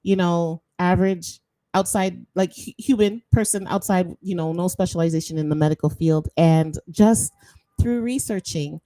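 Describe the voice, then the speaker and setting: A chatty woman host, talking casually and slipping into patois between laughs. Her voice sits low and mellow. The recording is dry and close. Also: moderate pace, dry recording. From Jamaican roots. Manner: chatty, animated, laughs often, slips into patois. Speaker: podcast host. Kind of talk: casual chat.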